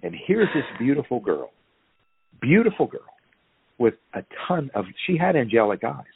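A husky, low-voiced man talks with fiery, ranting intensity as a podcast guest, his pitch swinging widely as he pushes each point. The sound is thin and tinny like a phone line, with a dry, close feel. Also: big pitch swings, normal speed, no echo. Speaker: guest activist. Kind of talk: impassioned podcast interview.

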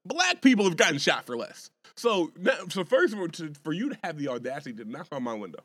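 A young man with a slightly high voice talks fast as he co-hosts a podcast, with no room sound on the recording. He's animated, telling a heated story in casual chat, swearing and often restarting sentences and repeating words.

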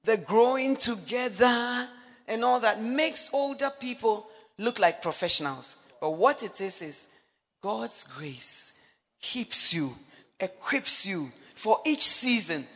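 Lively woman preaching in a reverberant hall. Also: on the high side, a little slow, gravelly, husky. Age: middle-aged. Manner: animated storytelling, acts out dialogue, breaks into laughs. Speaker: preacher speaking on marriage. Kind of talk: sermon.

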